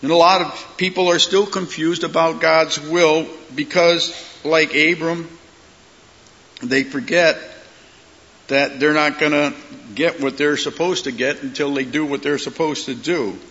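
Animated preacher with a bright voice. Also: male voice, a little high, a little slow. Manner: animated storyteller, acts out voices in his stories. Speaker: pastor. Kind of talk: sermon. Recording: long hall reverb, dull lo-fi sound, faint hiss.

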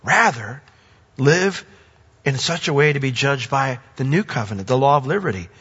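A pastor with a bright, breathy voice preaches a sermon with lively intonation at a moderate pace, leaping to emphatic high points before dropping to soft, low asides. A long hall reverb rings around him, captured in a dull, lo-fi recording.

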